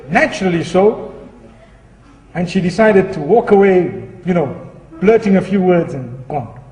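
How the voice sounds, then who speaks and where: Lively preacher in an echoey hall. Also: male voice, high-pitched. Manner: lively, chatty storytelling. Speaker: Muslim preacher. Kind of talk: sermon with a humorous story. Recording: echoey hall, distant mic.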